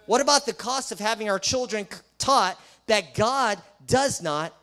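A man's voice: high-pitched, expressive, moderate pace, bright, forceful tone. A man who is a Christian school principal, preaching an emphatic sermon full of rhetorical questions and sarcastic asides.

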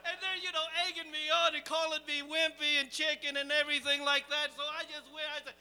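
A man preaching, telling a lively, self-mocking camping story to his congregation. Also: very high voice, fast talker, hardly any pauses. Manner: animated, self-deprecating storyteller. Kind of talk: storytelling sermon.

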